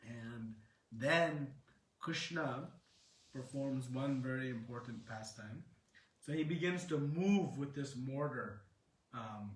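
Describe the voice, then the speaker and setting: A man tells a sacred story as a devotional sermon, earnest and explanatory, with dramatic pauses. His voice sits slightly high for a man. It is heard from a distance in a roomy, echoing hall. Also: a bit bright. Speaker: speaker.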